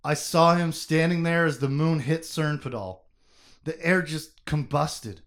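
A man reading a novel excerpt aloud, voicing a grief-stricken adult man mourning his friend in a raw, pleading way that rises above his normal speaking pitch. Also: a little slow, close to an everyday voice. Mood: haunted.

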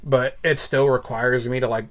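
A man's voice: medium pitch, fairly even intonation, moderate pace. Casting: male podcast co-host, Massachusetts accent, swears freely, teasing banter. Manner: profane, joking, teasing.

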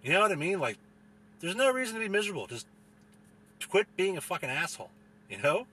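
A young man ranting casually with profane, rambling talk and many fillers, sometimes mocking people in a whiny high voice. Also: sing-song, quick pace, bright, forceful tone, husky. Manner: mocks others in a whiny falsetto.

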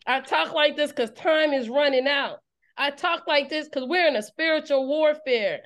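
With a high, fairly bright voice at a moderate pace, a woman preacher heads an online service. Her fiery sermon builds in call-and-response intensity, and she repeats phrases to drive them home.

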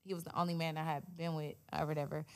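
A woman's voice: deep voice, level tone, fast. A young woman, a guest in a candid interview, talking bluntly and animatedly and swearing freely.

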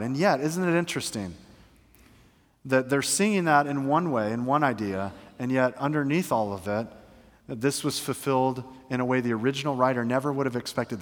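A middle-aged male pastor preaching a sermon to his church, earnest and shifting between hushed and emphatic. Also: medium pitch. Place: church sanctuary. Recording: long hall reverb.

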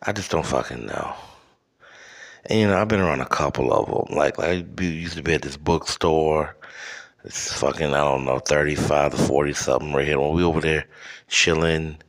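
A man hosting a podcast, delivering a rambling, profane comedic rant with halting restarts. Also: extremely low pitch. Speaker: podcast host.

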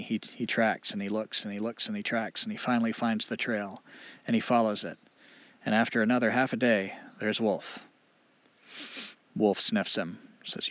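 A man telling a fable aloud, animated and expressive with dramatic pauses. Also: on the low side, no echo. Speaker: storyteller. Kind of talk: oral storytelling. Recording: dull lo-fi dry recording.

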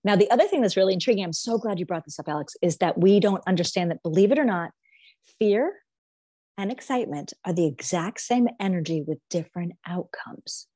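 A woman's voice: lowish voice, lively intonation, a little fast, warm tone, dry recording. Upbeat woman coach, dry close sound. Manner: enthusiastic, explanatory, casual fillers. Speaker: manifestation coach, guest. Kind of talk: podcast interview.

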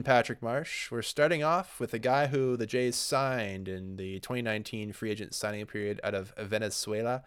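A Canadian man co-hosting a podcast in casual chat, relaxed and informative, with rambling asides. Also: mid-range voice, smooth. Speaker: podcast co-host.

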